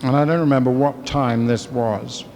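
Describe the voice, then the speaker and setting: A man's voice: mid-range voice, fairly even intonation, normal speed, a little mellow, a little hiss or hum. An English man giving a candid, wry recovery talk at a convention, in a storytelling manner. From England. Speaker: convention speaker. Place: convention hall. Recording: hall reverb, faint ambience, 1980s convention tape.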